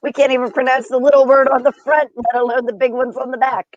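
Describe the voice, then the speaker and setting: A woman's voice: high-pitched, little pitch movement, quick pace, no echo, lo-fi sound. A woman co-hosting a casual live stream, asking question after question in a teasing way. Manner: curious, teasing, asks many questions.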